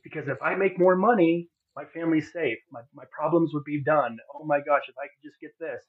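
Speaking a bit fast in a slightly high, breathy voice, this podcast guest shares an earnest personal story from the heart. His telling is full of fillers and false starts, heard through thin, phone-like audio.

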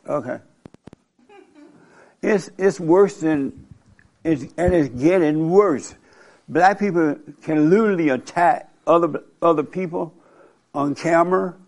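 An older man with a gravelly, somewhat raised voice hosts a casual talk show. He speaks bluntly and rambles through stories, laughing often as he talks. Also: a little high.

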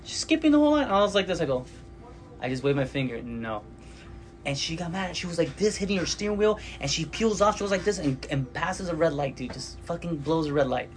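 Guy telling stories at the shop, kinda high voice, keeps laughing and doing voices. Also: expressive, fast talker. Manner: laughs through his stories, acts out quotes. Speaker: podcast host. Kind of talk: casual chat. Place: comic shop.

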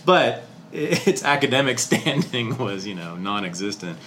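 A middle-aged man, a historian, telling his life story in a casual interview, candid and animated, swearing casually. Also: mid-range voice, unhurried, slight background noise.

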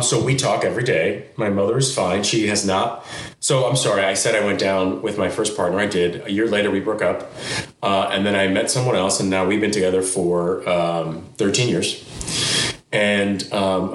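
Middle-aged man in a roomy echo. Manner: animated, acts out quoted family members with sudden high pitch jumps. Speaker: TV news anchor, podcast guest. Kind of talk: candid personal storytelling in a podcast interview.

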